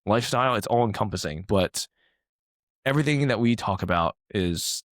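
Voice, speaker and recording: A man's voice: lowish voice, expressive, moderate pace, a bit bright, dry recording, studio quality. A man co-hosting a fitness podcast in casual chat, rambling with lots of fillers and frequent laughs, originally from Taiwan. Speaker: fitness coach, podcast co-host.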